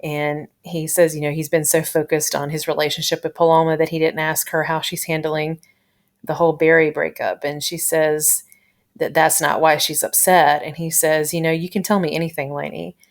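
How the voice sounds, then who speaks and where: A woman's voice: low-pitched, completely flat delivery, normal speed. A woman reviewing a TV episode in a casual, gushing way, full of fillers and retold scenes. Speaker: TV show reviewer.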